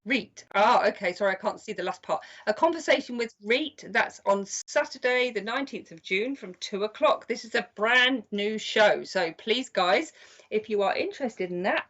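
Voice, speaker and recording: An older woman giving chatty, gentle psychic card readings on a live stream. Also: medium pitch, animated, unhurried. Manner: chatty and gentle, calls people "my lovely". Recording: slightly dull lo-fi stream audio.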